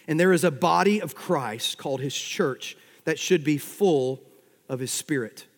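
A man preaching a sermon with wry humor. His loudness swells and drops suddenly as he drives his points home. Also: on the high side, big-room sound. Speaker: pastor.

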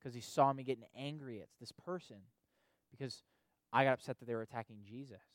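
A man gives a casual, conversational sermon at a middle pitch. He often tags his points with quick questions and repeats key phrases. The sound is dry and close, with little room echo. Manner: conversational preaching, frequent "right?" tag questions and repetitions. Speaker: pastor or youth leader.

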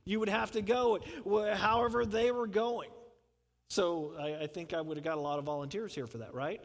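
High-voiced preacher in an echoing hall. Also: male voice, brisk. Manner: conversational, asks the congregation questions, chuckles. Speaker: pastor. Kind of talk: sermon.

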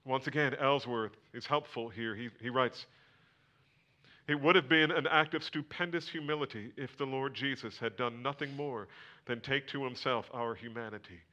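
A man preaching a sermon, swinging from loud emphatic lines to near whispers. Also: medium pitch, normal speed, lo-fi sound. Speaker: pastor.

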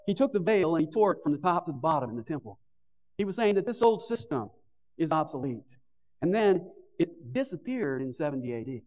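A pastor giving a Sunday morning sermon, stressing key words and then dropping to a hushed, pleading tone. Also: male voice, high-pitched. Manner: earnest preaching, swinging between stressed bursts and hushed pleading. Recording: dull lo-fi sermon recording.

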